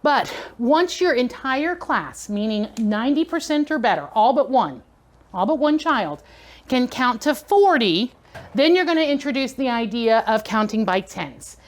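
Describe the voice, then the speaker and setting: A woman's voice: a little high, expressive, measured pace. A middle-aged woman giving a preschool teacher training lecture, chatty and conversational, checking in often with her listeners. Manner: conversational, checks in with "okay?" and "right?".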